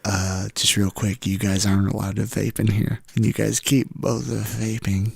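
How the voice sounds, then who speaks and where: A man's voice: on the low side, little pitch movement, moderate pace, vocal fry, slightly rough. A man co-hosting a comedy podcast, crude and joking with frequent swearing in casual banter. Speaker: podcast co-host.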